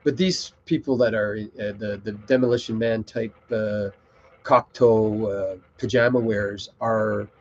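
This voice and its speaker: A man's voice: on the low side, darkish tone, highs cut off, a little hiss or hum. A middle-aged man hosting a live web show, rambling and swearing casually as he talks. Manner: rambling, swears, easily distracted.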